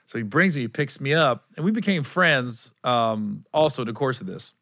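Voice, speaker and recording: A man with a bright, forceful voice and a lively, swooping pitch, telling anecdotes in a casual chat. He acts out what other people said in high put-on voices. The sound is dry and close. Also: moderate pace, no room sound.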